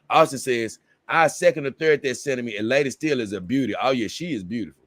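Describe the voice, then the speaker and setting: A man's voice: mid-range voice, animated, quick pace, a bit bright, no echo, studio quality. Man chatting casually on a livestream. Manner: rambling, with bursts of exasperated confusion. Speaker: livestream host. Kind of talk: casual livestream chat, reading viewer comments aloud.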